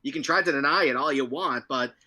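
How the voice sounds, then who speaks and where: A man's voice: mid-range voice, brisk, sharp tone. A man co-hosting a casual chat show, blunt and argumentative. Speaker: co-host.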